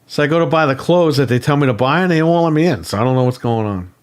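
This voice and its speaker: A man's voice: mid-range voice, lively intonation, fast talker. A man co-hosting a casual gaming livestream, talking bluntly and swearing casually. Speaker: podcast co-host. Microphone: studio microphone.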